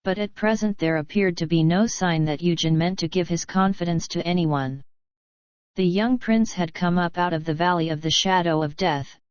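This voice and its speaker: A woman narrating a classic novel as an audiobook in measured storytelling. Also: lowish voice, clean tone, no room sound, highs cut off. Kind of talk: scripted narration.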